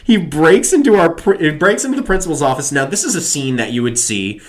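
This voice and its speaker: A man's voice: fairly high pitch, expressive, fairly quick. A married man co-hosting a podcast, ranting about a film in exasperated, profane casual chat. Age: adult, married. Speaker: podcast co-host.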